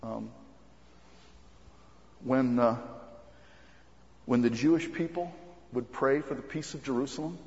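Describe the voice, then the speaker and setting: A man's voice: mid-range voice, darkish tone. Earnest male pastor in echoing hall. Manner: earnest, halting with frequent ums and restarts. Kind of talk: sermon. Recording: muffled recording with long hall reverb.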